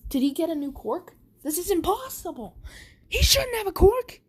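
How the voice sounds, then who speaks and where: A woman voicing a brash teenage boy bully, shrieking rapid-fire questions in disbelief. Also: very high-pitched, big pitch swings, darkish tone, pitched above the performer's own voice. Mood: disbelieving.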